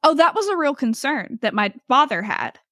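A young woman telling a story in casual podcast chat, animated, laughing often and full of fillers. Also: high-pitched, normal speed, dry recording, studio quality. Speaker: podcast host.

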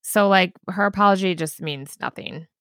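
A woman's voice: fairly low pitch, normal speed, a bit bright, no room sound, clean studio sound. A woman co-hosting a casual podcast, blunt and opinionated, swearing freely as she reacts to the show. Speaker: podcast co-host. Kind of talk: casual recap chat.

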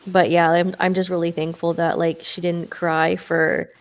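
A woman's voice: on the low side, level tone, moderate pace. A woman, a mother, co-hosting a casual podcast chat, speaking in a supportive way and sharing her own stories. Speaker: podcast co-host.

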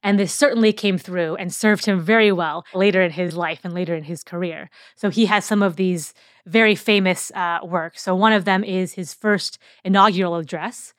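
A woman's voice: fairly low pitch, normal speed, dry recording, studio quality. A woman hosting a podcast, explaining history in a casual, conversational way with occasional fillers and restarts. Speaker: podcast host. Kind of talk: casual educational podcast talk.

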